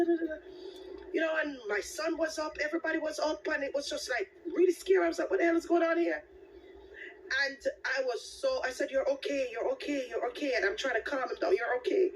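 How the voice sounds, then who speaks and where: A woman hosts a casual livestream chat in a high, lively voice, punctuating her story with dramatic exclamations. She sits back from the mic, and a faint hiss runs under her words. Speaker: livestream host. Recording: distant mic with background noise.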